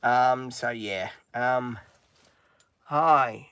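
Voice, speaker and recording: A man's voice: mid-range voice, extremely slow, pushed and bright, smooth, no echo. A middle-aged man chatting on a live stream from inside a van, rambling with lots of ums and breaking off to talk to his dog. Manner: rambling, with many filler ums. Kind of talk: casual live-stream chat.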